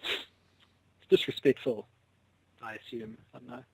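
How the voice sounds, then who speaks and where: A man's voice: mid-range voice, steady tone, slow, creaky, darkish tone, husky, no echo, low-quality recording. A man co-hosting a podcast over a video call, wry and rambling, often restarting his sentences. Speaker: podcast co-host. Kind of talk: casual chat over a call.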